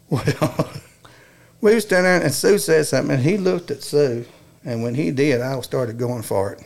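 Man, gravelly voice, folksy storyteller who chuckles through his tales. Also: fairly high pitch, animated, normal speed, a little mellow. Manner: folksy, laughing while telling a prank story. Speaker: staff member telling a story. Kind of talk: casual storytelling chat.

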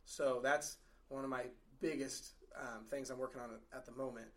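A man who is a fitness coach, talking in a relaxed, halting way in a casual podcast chat. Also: medium pitch.

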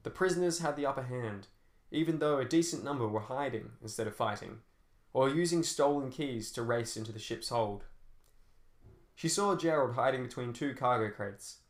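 A man's voice: medium pitch, moderate pace. A man narrating an action novel as an audiobook, telling fight scenes dramatically with shifting pace. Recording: roomy echo.

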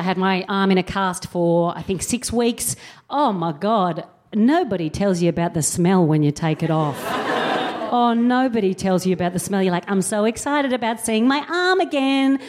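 A woman's voice: mid-range voice, darkish tone. A woman around forty, a comedian and co-host, telling a wry, self-mocking comic story to a live audience and acting out quotes in mock voices.

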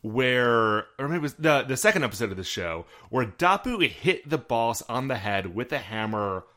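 Co-hosting a casual podcast that recaps a show, a man with a bright, forceful, mid-range voice speaks at normal speed in a sing-song way. He tells the story by narrating episode scenes and quoting characters' lines.

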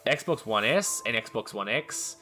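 A man's voice: medium pitch, lively intonation, slow pace, bright, forceful tone, soft background music. A young man, co-hosting a casual podcast chat, teasing and swearing. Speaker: podcast co-host.

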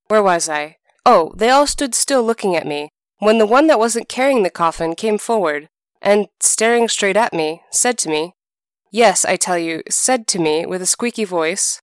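A woman tells an old folk tale and then walks through the folklore behind it. Her voice is smooth and clear, recorded close and dry, and she lends the characters' lines lively, animated delivery. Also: mid-range voice, moderate pace, dry recording. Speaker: narrator. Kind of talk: storytelling narration.

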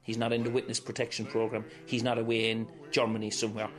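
Chatty and anecdotal, a tribute act to a famous singer from County Kerry in Ireland, middle-aged with an Irish accent, spins stories in an interview and likes to mimic the people he quotes. He speaks fast at medium pitch with a completely flat delivery. There's music in the background.

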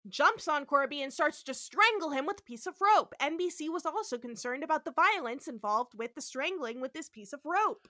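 A woman co-hosting a podcast, recapping an episode in casual chat, animated and swearing freely as she acts out the characters' lines. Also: high-pitched, normal speed, few pauses. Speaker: podcast co-host.

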